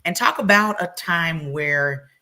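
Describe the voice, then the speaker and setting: A woman hosting a podcast speaks in a low but bright, forceful voice. She chats casually and enthusiastically, winding through her questions with plenty of fillers. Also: measured pace. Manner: rambling, many fillers, enthusiastic. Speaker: podcast host. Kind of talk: casual interview chat.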